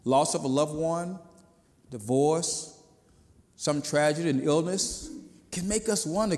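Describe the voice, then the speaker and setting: A male pastor delivering a sermon in an easy, conversational manner. His voice sits a bit high for a man, and it rings with a long reverb from the church around him. Now and then he slips into the voices of people he quotes. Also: unhurried, long pauses, darkish tone.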